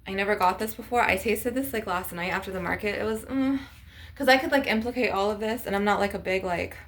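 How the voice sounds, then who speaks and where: Rambling woman with a gravelly voice. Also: mid-range voice, quick pace. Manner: rambling, says "like" and "you guys" often. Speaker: vlogger showing crystals. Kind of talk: casual chat to camera.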